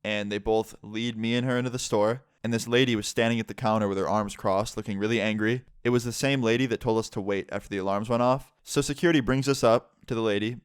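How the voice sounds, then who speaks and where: Fast and barely pausing, a man with a lowish, clean-toned voice animatedly retells a personal experience for a casual storytime vlog. He swears openly, fills gaps with "like," and plays the other people in the story, all in a dry, clean studio recording.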